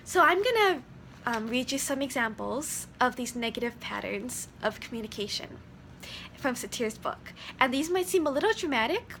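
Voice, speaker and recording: Earnest high-voiced young woman. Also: a bit bright, a little hiss or hum. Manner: earnest, explaining, with fillers. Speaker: vlogger. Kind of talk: casual explanatory talk.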